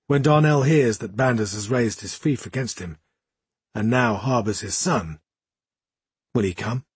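A man voicing a haunted young warrior in an audiobook, speaking tersely and darkly, with a husky, breathy tone. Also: unhurried, no echo. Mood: brooding. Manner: terse, low, tormented. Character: haunted young male warrior, grim and brooding.

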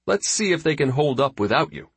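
A man voicing a seasoned male fleet admiral who speaks in a measured, wry way. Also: a little high, big pitch swings, a bit bright, breathy edge, dry recording, voice pushed up, full character voice.

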